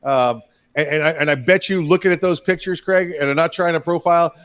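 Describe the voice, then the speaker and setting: A man's voice: a little high, a little fast, fairly bright tone. A man co-hosting a political talk show, speaking emphatically in a rambling way with frequent restarts and repeated words. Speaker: co-host.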